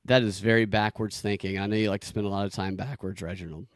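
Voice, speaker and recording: A man hosting a streamed comedy talk show, needling his guest with teasing, deadpan questions. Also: fairly low pitch, fast, no echo, studio quality. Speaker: streamer host. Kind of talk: casual comedic chat.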